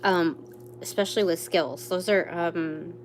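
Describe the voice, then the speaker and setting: A woman's voice: on the low side, steady tone, measured pace, a little hiss or hum. A young woman doing a live tarot reading, rambling with many fillers and exclaiming over the cards. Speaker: tarot reader.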